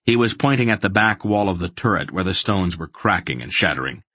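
A man narrating a fantasy audiobook in a dramatic, measured storytelling manner. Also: low-pitched, animated, sharp tone, no room sound.

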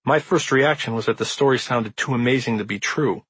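A man reading the introduction to his own nonfiction book as an audiobook, in measured, earnest storytelling. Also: medium pitch, fairly bright tone, husky, dry recording, low-quality recording. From Midwestern United States. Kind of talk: audiobook narration.

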